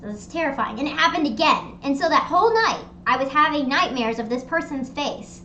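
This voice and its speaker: A young woman hosting a casual livestream chat from home, telling stories in an animated, rambling way with lots of fillers. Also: sits high, fairly quick, roomy sound, slight background noise. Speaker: streamer hosting a live hangout. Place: her home. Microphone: streaming desk mic.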